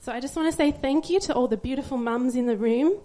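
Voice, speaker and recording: A young woman speaks at church about becoming a mother. Her voice sits a bit high and wavers with tears. She keeps laughing softly through the crying. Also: fast. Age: young adult. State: tearful. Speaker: young mother giving a testimony. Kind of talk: church testimony.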